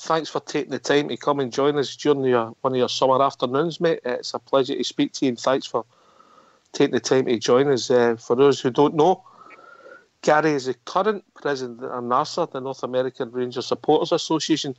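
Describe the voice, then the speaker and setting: Radio host bantering on a dull line. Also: male voice, a little high, no room sound. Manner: matey banter, says "mate" a lot. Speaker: call-in show host. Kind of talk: casual chat.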